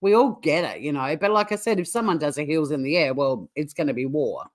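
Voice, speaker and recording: A middle-aged woman with an Australian accent hosting a casual livestream, blunt and quick to swear, often breaking into laughter as she chats. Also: deep voice, lively intonation. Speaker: livestream host. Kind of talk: casual livestream chat reacting to a clip.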